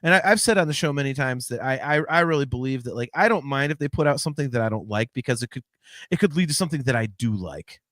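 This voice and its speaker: Animated, rambling podcast host, a man. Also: medium pitch, quick pace, no room sound, studio quality. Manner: rambling, many restarts, animated. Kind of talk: casual chat.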